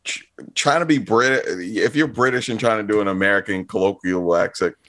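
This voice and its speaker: A man chatting about a film on a casual panel, animated and jokey, swearing casually. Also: lowish voice, normal speed. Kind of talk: casual podcast discussion.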